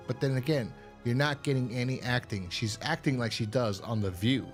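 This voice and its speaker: A man's voice: medium pitch, normal speed, faint music behind. A man co-hosting a horror podcast, recapping an episode in a rambling, casual way, swearing now and then. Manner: rambling, full of fillers and profanity. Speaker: podcast co-host.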